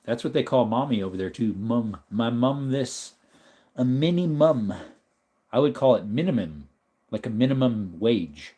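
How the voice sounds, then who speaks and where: A man's voice: medium pitch, moderate pace. An American man hosting a casual live stream, chatting loosely, reading out comments and laughing often. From United States. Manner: relaxed, chatty, reads chat aloud and laughs often.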